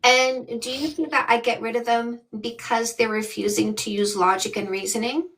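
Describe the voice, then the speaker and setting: A woman's voice: fairly high pitch, steady tone, moderate pace, a bit bright, rough recording. A woman in her fifties from Canada, a dating coach giving blunt, emphatic advice on a live call. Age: 50s.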